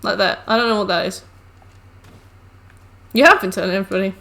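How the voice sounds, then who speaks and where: A woman's voice: mid-range voice, steady tone, brisk, gravelly, sharp tone, slight background noise. A woman streaming a game from home on a headset mic, chatting with her viewers and fussing at her cats. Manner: chatty, talks to chat and scolds her cats between game remarks. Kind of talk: casual live-stream chat while gaming.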